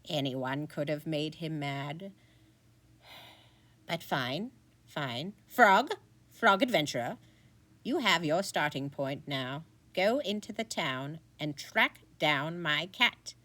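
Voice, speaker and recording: Woman doing a cranky male wizard, exasperated, scolding, lively swoops in pitch, storybook podcast. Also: slow, heavily acted. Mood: weary. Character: grumpy stern male wizard.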